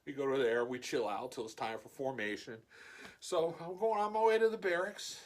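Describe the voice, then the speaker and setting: A man casually telling a story in his vlog, animated and swearing freely. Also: medium pitch, normal speed.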